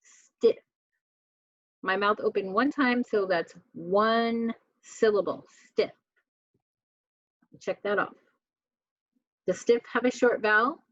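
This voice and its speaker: A woman teacher talks through a spelling lesson at a very slow, deliberate pace, sounding out each letter. Her voice is dry and close, with a dull, muffled lo-fi quality to the recording. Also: medium pitch, no echo.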